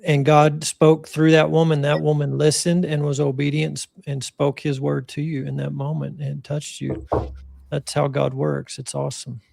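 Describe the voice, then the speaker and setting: A man's voice: fairly high pitch, flat delivery, moderate pace, creaky, darkish tone. A man hosting a faith-centered podcast, speaking in an encouraging, preacherly, folksy way. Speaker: podcast host, physician.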